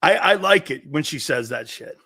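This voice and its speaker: A man's voice: fairly high pitch, lively intonation, normal speed, creaky, sharp tone. A middle-aged man hosting a sports talk stream, joking and swearing as he reads viewer comments aloud. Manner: brash, joking, profane banter with chat. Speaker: sports talk show host.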